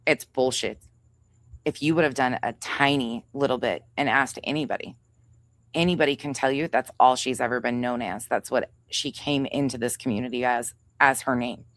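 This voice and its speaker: On a dry recording, a woman livestream host with a bass voice rants at a moderate pace. She's angry, profane and confrontational, calling out another creator and reading names from chat aloud in a heated livestream rant.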